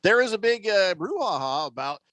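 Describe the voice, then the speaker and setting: A man co-hosting a sports radio show, joking around and slipping into quick put-on voices. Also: high-pitched, sing-song, a bit bright, dry recording. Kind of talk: casual sports talk banter. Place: radio studio.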